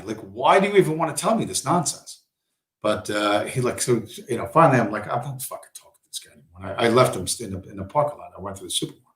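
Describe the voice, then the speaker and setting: A man's voice: medium pitch, a bit bright. Profane rambling man in an echoey room. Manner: profane, meandering storytelling with mimicked quotes. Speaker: livestream host. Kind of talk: rambling casual monologue.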